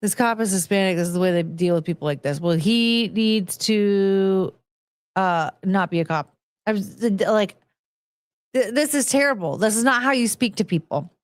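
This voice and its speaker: A woman's voice: medium pitch, moderate pace, dry recording, studio quality. A woman hosting a reaction video, commenting in an exasperated, incredulous way.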